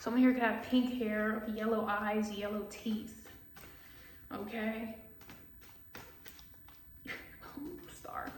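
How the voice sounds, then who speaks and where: A woman's voice: mid-range voice, flat delivery, slow, long pauses, roomy sound, a little hiss or hum, poor audio. A woman tarot reader ranting casually, profane and scornful, mocking people she disagrees with in quoted voices.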